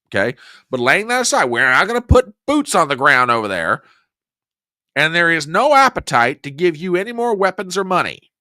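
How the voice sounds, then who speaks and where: A man's voice: mid-range voice, sharp tone, dry recording, clean studio sound. A male political commentary host delivering combative, sarcastic news commentary, saying he gets worked up.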